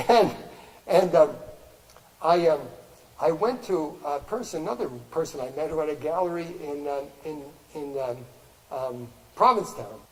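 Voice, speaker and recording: A man's voice: fairly high pitch, normal speed, long reverb tail, low-quality recording. An older man giving a talk to an audience at a gallery, telling stories in a rambling way with many restarts and fillers and frequent laughs.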